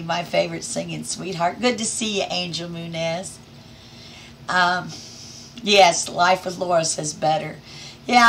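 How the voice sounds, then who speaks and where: A woman's voice: lowish voice, a bit bright, a little hiss or hum. A middle-aged woman hosting a casual livestream, cheerfully and affectionately greeting viewers by name as she reads the chat. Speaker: livestream host.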